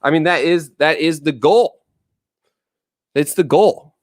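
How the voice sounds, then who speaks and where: A man from the United States chatting on a live stream, sounding blunt and opinionated and swearing freely. His voice sits a little high for a man. The sound is dry and close. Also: slow pace, no room sound. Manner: blunt, profane, opinionated ranting; answers chat messages aloud. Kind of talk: casual live-stream chat.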